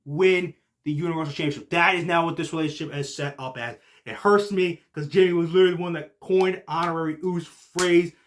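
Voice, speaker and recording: A young man hosting a casual podcast recap, excitable and full of "like" and "literally", swinging from low muttering to shouting. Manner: heavy use of filler like "like" and "literally". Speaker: podcast host.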